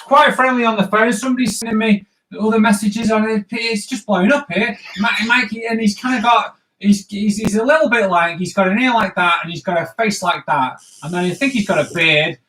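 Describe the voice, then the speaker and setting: High, bright-voiced man chatting while drawing. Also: fairly quick, hardly any pauses, rough recording. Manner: playful, chatty, narrating while sketching. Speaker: comic artist hosting a live drawing stream. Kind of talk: live stream chat while drawing.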